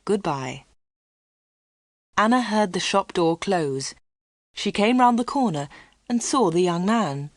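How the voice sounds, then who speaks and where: Female narrator for a learner's storybook, steady clear reading, dry. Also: mid-range voice, unhurried, no echo.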